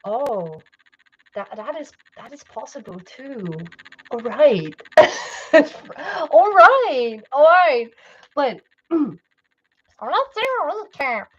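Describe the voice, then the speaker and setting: A woman's voice: high-pitched, big pitch swings, extremely slow, long pauses, breathy edge, dull audio. A woman livestreamer chatting casually, rambling and cutting herself off, with frequent laughs. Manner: rambling, self-interrupting, laughs often.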